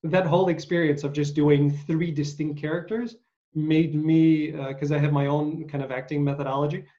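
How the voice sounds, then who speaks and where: Hosting a laid-back interview, a man speaks a little high in a level, mellow tone at a moderate pace. His stories ramble and stall on many uhs, all captured in dull lo-fi sound.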